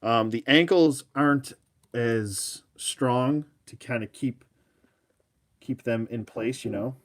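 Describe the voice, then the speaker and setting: Male host, mid-pitched, rambling, chatty live-stream reviewer who talks straight to his viewers. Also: slow. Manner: rambling, chatty, self-mocking, answers viewers. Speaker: action figure reviewer. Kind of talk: casual live review chat.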